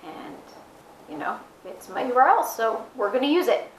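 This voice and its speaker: A fairly high-voiced woman chats straight to her camera at home, rambling along and poking fun at herself. The room gives her voice a noticeable echo. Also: very animated, normal speed, slight background noise. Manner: chatty, self-mocking, rambling. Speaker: vlogger. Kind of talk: casual chat to camera. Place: indoors at home, with her dog nearby. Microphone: camera mic, fisheye action camera.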